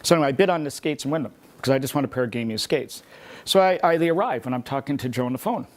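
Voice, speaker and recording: A man rattles off a collector's anecdote at a quick clip. His pitch sits in an ordinary middle range, and his story tumbles forward with restarts and asides. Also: animated. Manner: rapid, rambling anecdotes with restarts. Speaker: memorabilia collector. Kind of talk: animated storytelling.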